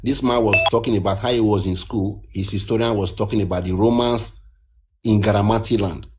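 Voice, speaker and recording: Earnest man, low voice. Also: steady tone, brisk, very noisy. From Nigeria. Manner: earnest, explanatory, frequent restarts. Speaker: guest caller. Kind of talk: casual discussion.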